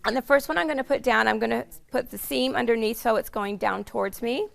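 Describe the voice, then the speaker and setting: A chatty woman walks through a quilting demonstration, explaining each step as she goes. Her voice is hoarse and rough with heavy fry, set a little high. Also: quick pace. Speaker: quilting instructor. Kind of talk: casual sewing demonstration.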